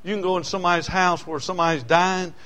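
A man's voice: high voice, steady tone, fast, pushed and bright. A man preaching a sermon, telling personal stories in a folksy way and building to emotional peaks.

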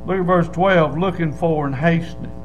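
A man preaching a Baptist sermon, hollering and swinging from low asides to loud shouts. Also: fairly even intonation, normal speed, lo-fi sound, slight background noise. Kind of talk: fiery sermon. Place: church.

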